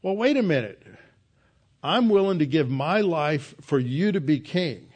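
A preacher voicing a loyal soldier who protests in disbelief, his pitch pushed up high. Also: lively intonation, measured pace, a little mellow. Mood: incredulous. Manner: incredulous, protesting. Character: loyal soldier, offended and incredulous.

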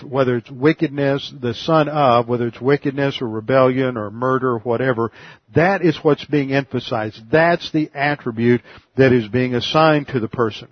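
A man teaching a Bible study lecture, explaining verses in an unhurried way with frequent restarts and fillers. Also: mid-range voice, husky, dry recording, dull audio.

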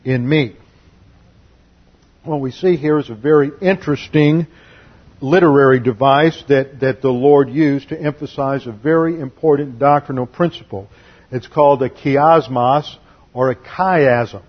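Husky male preacher teaching a sermon. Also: mid-range voice. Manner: measured, deliberate teaching delivery with slowed emphasis on key phrases. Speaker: pastor. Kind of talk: expository Bible teaching sermon. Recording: dull lo-fi recording.

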